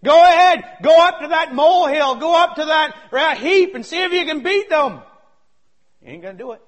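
A man preaching a sermon with great fervor, dropping to low mutters and rising to shouted exhortations as he acts out the voices in Bible stories. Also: animated, normal speed. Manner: fervent, swings from low mutters to high shouts.

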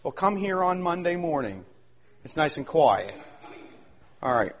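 A male pastor preaching a sermon, swinging between shouted excitement and hushed asides. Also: a little high, unhurried.

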